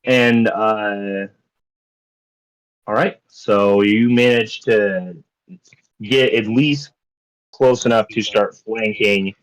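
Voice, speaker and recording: Guy dm-ing a tabletop game online, kinda low voice, takes his time, lots of uhs. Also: fairly even intonation, very slow, long pauses, low-quality recording. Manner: easygoing, filler-heavy. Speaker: dungeon master.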